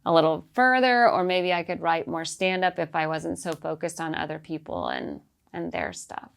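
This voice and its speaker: A woman comedian with a light Southern accent, chatting casually and telling animated stories. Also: fairly low pitch, normal speed, creaky, clean tone. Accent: light Southern American, fading in and out. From American South. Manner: chatty, animated storyteller, laughs often. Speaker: comedian guest. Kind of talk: casual chat.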